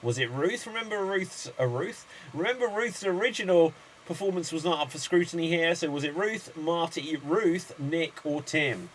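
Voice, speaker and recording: Brisk male improv show host. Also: a little high, slight background noise. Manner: brisk announcer, rattles off long chains of names. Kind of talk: hosting an online improv show.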